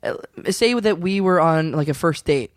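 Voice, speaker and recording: A man co-hosting a comedy podcast, playful and excitable, quick to laugh. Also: a little high, dry recording, clean studio sound. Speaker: podcast co-host. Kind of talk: improvised comedy podcast banter.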